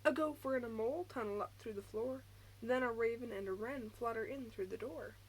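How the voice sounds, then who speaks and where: A woman teacher reading a rhyming picture book aloud in an expressive, rhythmic way. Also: on the high side, brisk, a little hiss or hum, low-quality recording.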